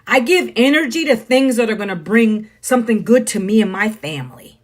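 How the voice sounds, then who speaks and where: A woman's voice: fairly high pitch, expressive, fairly quick. Blunt middle-aged woman on a phone live. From United States. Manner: blunt, preachy, talks to viewers by name. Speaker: TikTok live streamer. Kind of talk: casual live-stream monologue.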